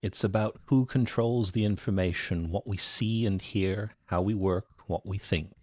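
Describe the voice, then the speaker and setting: A man co-hosting a movie podcast, speaking in a measured, agreeable way with short replies. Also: lowish voice, a little mellow, no echo, clean studio sound. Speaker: podcast co-host. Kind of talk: casual movie review chat.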